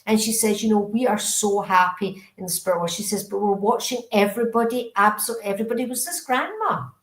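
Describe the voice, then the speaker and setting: A woman's voice: mid-range voice, fast talker, roomy sound, low-quality recording. A woman, a medium giving live readings online. She relays spirit messages earnestly and keeps checking in with the sitter. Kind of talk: live-stream psychic reading.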